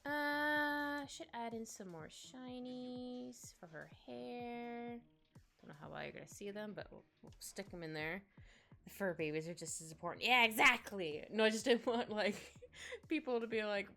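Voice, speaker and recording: With a fairly high pitch and a normal speed, a woman chats casually as she draws on a live stream. The digital artist rambles and giggles, dropping many small asides, while soft music plays behind her.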